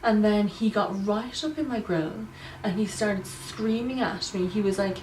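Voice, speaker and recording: A woman's voice: medium pitch, a little slow, darkish tone, lightly acted. An actress playing a self-absorbed young woman vlogging about her life, rambling smugly and tagging "do you know" onto her lines. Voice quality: rambling, smug, says "do you know" constantly. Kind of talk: comedy monologue to camera. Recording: roomy, distant mic, faint hum.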